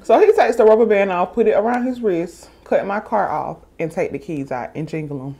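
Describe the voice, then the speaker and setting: Female mukbang vlogger, chatty storytime delivery, lively quoting. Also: mid-range voice, fairly quick, vocal fry, breathy edge. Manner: chatty and animated, quoting others in raised voice. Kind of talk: casual storytime to viewers.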